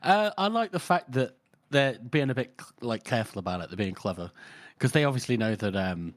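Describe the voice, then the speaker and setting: A man's voice: medium pitch, animated, a little fast, no echo, clean studio sound. A man co-hosting a book podcast, casually and a bit hesitantly explaining his rating. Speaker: podcast co-host. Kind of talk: casual chat.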